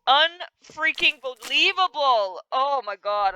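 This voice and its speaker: Expressive young woman gaming, lively pitch. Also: a little slow, slight background noise, low-quality recording. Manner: expressive, exasperated, laughs often. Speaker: gamer. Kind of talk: let's play commentary.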